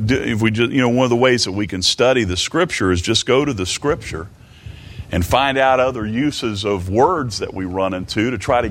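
A man teaching from the Bible in a sermon, halting and repeating words, slowing down for emphatic quotes of scripture. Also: lowish voice, a bit bright. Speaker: preacher.

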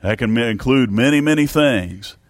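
Lively-pitched male preacher, emphatic. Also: normal speed, dry recording, studio quality. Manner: emphatic, repetitive preaching with Bible readings in King James English. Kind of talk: sermon.

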